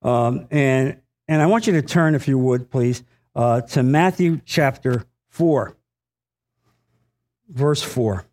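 A man preaching a sermon to his congregation. He speaks earnestly, repeats phrases for emphasis, fills pauses with "uh," and addresses the listeners directly. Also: mid-range voice, lively intonation, a little mellow. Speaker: pastor.

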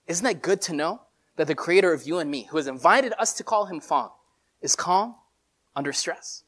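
Preacher, sermon, casual storytelling, animated, many fillers. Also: medium pitch, moderate pace.

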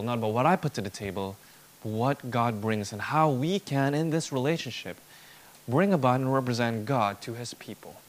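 A male preacher delivering an expository sermon in a lively, swinging voice of middle pitch. He drives his points home with emphatic repetition and rhetorical questions.

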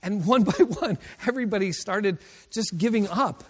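A man preaching in a college chapel, with his voice sitting a little high for a man. The long chapel reverb trails behind every phrase. He is middle-aged and tells his stories with feeling and frequent laughter. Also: moderate pace, slightly rough. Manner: storytelling, emotional, laughs often. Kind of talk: sermon.

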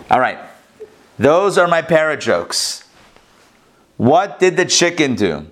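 A man teaching a religious class, telling jokes as an animated, chatty storyteller before turning to the lesson. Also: a little high, extremely slow, pauses often.

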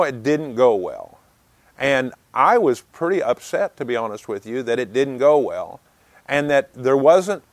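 Man, mid-pitched, earnest advice talk, dry close sound. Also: no echo. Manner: earnest, plain-spoken, with frequent fillers and restarts. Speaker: speaker giving advice on resolving conflict.

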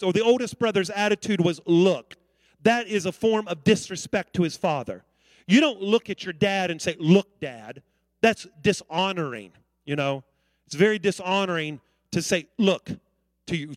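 A man's voice: sits high, no echo. A man preaching a sermon as pastor, calling out to the congregation for responses. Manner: preaching with call-outs to the congregation.

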